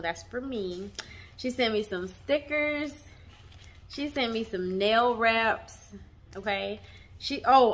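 Woman, casual vlog chat, emotional, bright tone. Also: medium pitch. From Texas. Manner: warm, chatty, addresses viewers as y'all; emotional, near tears at times. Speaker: vlogger. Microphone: camera mic on tripod.

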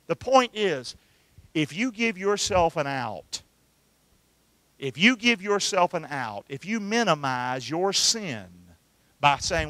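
A man's voice: fairly high pitch, expressive, normal speed, pushed and bright, dry recording. A middle-aged man, preaching a sermon and calling out questions for the congregation to answer back. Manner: call-and-response preaching, asks the congregation to answer. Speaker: pastor.

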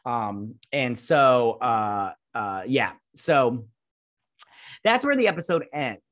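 Casual reviewer, male, mid pitch, dry close sound; rambling, sarcastic, filler-heavy episode recap. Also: very animated, takes it slowly, fairly bright tone, no room sound. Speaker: show reviewer.

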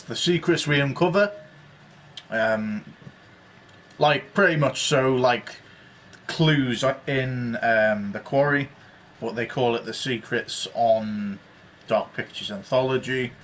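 A man's voice: medium pitch, fairly bright tone, a little hiss or hum. A man hosting a game walkthrough, explaining the menus in a rambling, casual way. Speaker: gaming channel host. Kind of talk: let's play commentary.

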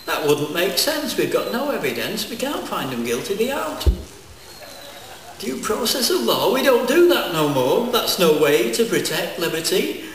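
A man voicing a smug male politician who talks about cruelty in a brisk, matter-of-fact way, in a comic verse reading. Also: high voice, big pitch swings, fairly bright tone, voice pushed up. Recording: echoey live hall, distant mic.

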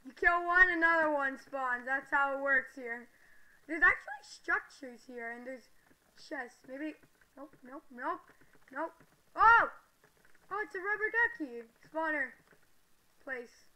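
High-pitched woman doing game commentary, super bright tense tone, easily excited. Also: measured pace, rough recording. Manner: excitable, shrieks and exclaims at surprises. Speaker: gaming video creator. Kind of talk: gameplay commentary.

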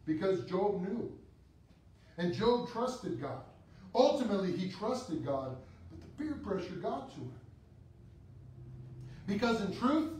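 A man, a priest, delivering a sermon with slow, dramatic preaching that rises and falls sharply. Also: high-pitched. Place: church. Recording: echoey church, voice from far off.

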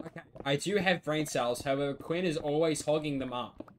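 A man's voice: fairly high pitch, brisk, a little hiss or hum. A man streaming a game, chatting casually with viewers in a playful, sweary way with mock-indignant outbursts. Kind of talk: casual gameplay commentary.

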